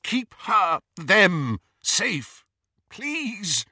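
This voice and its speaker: A man reading an anguished, bitter grown man in an audiobook, pleading in a strained voice that breaks into shouts. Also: mid-range voice, huge pitch swings, slow, no echo, clean studio sound, exaggerated voice.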